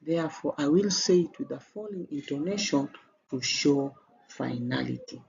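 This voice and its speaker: A man's voice: fairly high pitch, lively intonation, moderate pace, creaky, darkish tone. Kenyan man teaching an exam revision lesson. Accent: Kenyan English. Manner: explains step by step with a rising, emphatic lift at each new question. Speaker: English teacher. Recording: slightly dull, with faint background noise.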